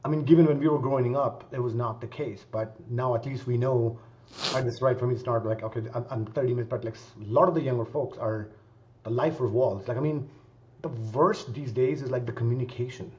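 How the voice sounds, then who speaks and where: A male guest on a podcast, answering in a lively conversational way and acting out quoted voices. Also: medium pitch, fairly quick. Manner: animated, acts out quoted voices. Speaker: guest sales leader. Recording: dull lo-fi recording.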